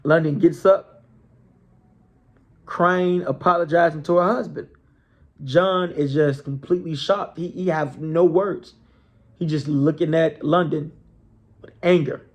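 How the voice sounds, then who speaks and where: A man spinning a story in a relaxed, conversational way and checking in with his listeners as he goes. His voice sits a little high. He takes his time with each line. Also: a little slow, pauses often. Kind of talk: casual spoken storytelling.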